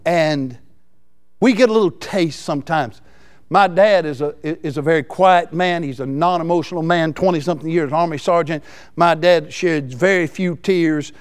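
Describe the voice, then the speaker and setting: A man preaching a folksy, excitable sermon. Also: a little high, moderate pace, clear, resonant tone. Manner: excitable, folksy, laughs between lines.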